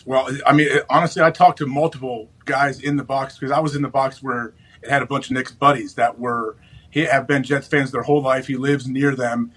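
Fast-talking husky former player. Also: male voice, mid-range voice, fairly even intonation, fairly bright tone, poor audio. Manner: laid-back storytelling with fillers. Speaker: former player and show regular. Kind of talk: casual sports talk.

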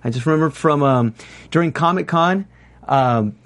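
A man's voice: on the high side, normal speed, fairly bright tone. A man hosting a casual panel chat about a TV series, enthusiastic and a bit rambling. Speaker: host.

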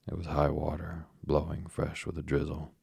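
Very deep, gravelly male narrator. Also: monotone, moderate pace, a little mellow, no echo, clean studio sound. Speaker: audiobook narrator. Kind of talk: first-person literary narration.

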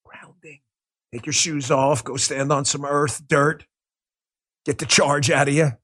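A man's voice: on the high side, level tone, measured pace, bright, forceful tone. A man hosting a livestreamed political commentary show, talking in a combative, sarcastic rant. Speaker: political talk show host.

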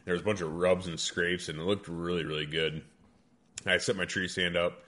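A man's voice: deep voice, normal speed. A man casually telling a rambling hunting story with lots of swearing. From American Midwest. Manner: animated, heavy swearing, rambling. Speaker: guest hunter.

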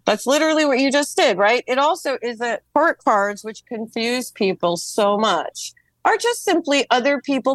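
A woman's voice: fairly high pitch, dry recording. An American woman in her fifties, a guest and tarot reader, chatting casually and acting out quotes with frequent laughs. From United States. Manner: animated storyteller who acts out quotes and laughs often. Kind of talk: casual podcast conversation.

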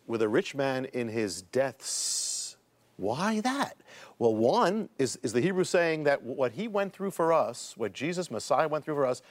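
A man, a guest author, explaining Hebrew scripture words in conversation, halting with many restarts before building to emphatic points. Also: medium pitch. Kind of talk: casual Bible teaching in conversation.

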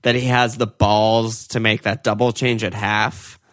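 A man's voice: lowish voice, flat delivery, measured pace, a bit bright, dry recording, clean studio sound. A man with a congested, stuffy voice, co-hosting a casual sports chat, rambling with lots of fillers and swearing. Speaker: podcast co-host. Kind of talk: casual fantasy football chat.

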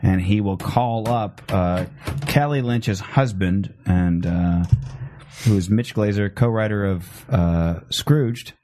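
A man with a fairly low voice talks loosely in a casual chat. He swears easily, circles back on himself and restarts sentences as he builds a story. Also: slow pace, warm tone. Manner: rambling, profane storytelling with frequent restarts.

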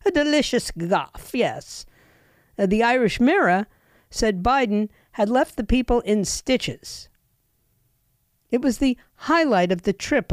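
Woman, talk radio host, sardonic, chatty, mid pitch, dry close sound. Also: a little mellow, dry recording. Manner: chatty, sardonic, with frequent fillers and restarts. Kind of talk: opinionated talk radio monologue.

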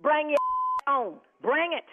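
Woman, prank call target, high lively voice, tinny phone line, indignant, defensive. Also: unhurried. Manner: indignant, defensive, talks back hard. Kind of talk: heated phone argument. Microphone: telephone.

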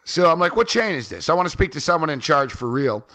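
This man's voice sits a little high and moves fast as he co-hosts a fantasy sports radio show from a trip in Halifax. He tells a rambling story in casual chat, animated throughout and constantly dropping "like" and "man."

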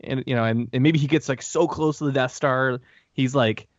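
A man's voice: mid-range voice, moderate pace, dry recording. A man in casual podcast talk rambles with plenty of fillers. His thoughts often trail off midway. The audio is dry and dull, like a lo-fi recording. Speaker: podcast co-host.

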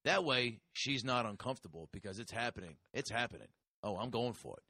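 A man's voice: medium pitch, expressive, brisk, vocal fry, heavy background noise. A man putting on a brash, crude, blustering interrupter for a comedy podcast bit, rambling and profane. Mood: crude bragging. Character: brash crude male interrupter, pushy and loud.

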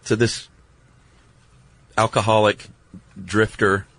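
A man's voice: on the low side, flat delivery, takes it slowly, fairly bright tone, no echo. A man co-hosting a podcast, chatting casually and reading out listener mail in an easygoing way. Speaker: podcast co-host. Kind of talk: casual chat.

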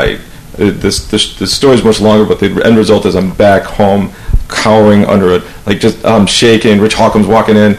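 A man hosting a podcast, telling stories in a casual, animated way, swearing and acting out what people said. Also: low voice, gravelly. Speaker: podcast host. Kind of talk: casual storytelling interview. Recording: echoey room with faint noise.

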